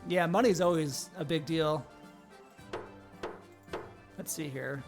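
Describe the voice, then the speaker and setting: Soft background music plays as a man with a slightly high voice takes his time on a game stream. Between reading passages of the story text aloud, he chats with the players.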